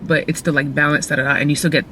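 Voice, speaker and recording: Animated slangy woman vlogging. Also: low-pitched, rapid-fire, a little hiss or hum. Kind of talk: casual vlog chat.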